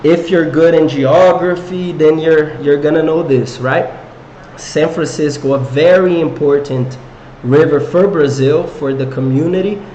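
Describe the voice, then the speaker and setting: A man's voice: a little high, unhurried, warm tone, reverberant, highs cut off, slight background noise. A man teaching an English grammar lesson to viewers, encouraging them and quizzing them with questions. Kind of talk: live online English lesson.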